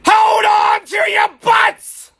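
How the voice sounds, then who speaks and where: A man doing an impression of a comedian, shouting every movie part in a strained, nasal, very high screech. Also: monotone, drawn-out words, vocal fry, some chatter behind, exaggerated voice. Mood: shrieking.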